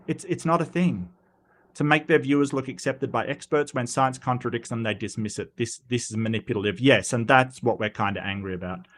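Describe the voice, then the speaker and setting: A man's voice: medium pitch, fairly bright tone. Australian male streamer, blunt and wry, stop-start delivery, answers chat live. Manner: halting, many restarts, blunt and wry. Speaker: host of a live commentary stream.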